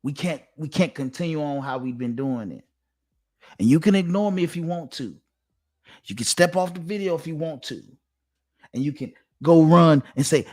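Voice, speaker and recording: Guy preaching straight to camera, emphatic, keeps repeating himself, kinda higher voice. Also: a little fast. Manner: emphatic, repetitive, sermon-like cadence. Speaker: online commentator. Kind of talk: preachy direct-to-camera monologue.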